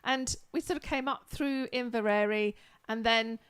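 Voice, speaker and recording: A woman's voice: on the high side, moderate pace, fairly bright tone, clear, resonant tone. A woman co-hosting a casual chat, telling travel stories in a chatty way and laughing often. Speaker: co-host.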